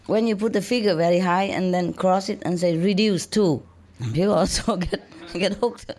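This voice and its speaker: A woman's voice: on the low side, moderate pace, darkish tone. A woman spiritual teacher giving casual advice, often laughing and teasing, in broken English.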